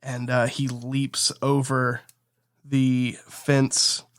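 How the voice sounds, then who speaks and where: A man's voice: mid-range voice, completely flat delivery, drawn-out words, no room sound, studio quality. A man playing a tabletop game, casually describing what his character does. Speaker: player. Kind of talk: tabletop game role-play.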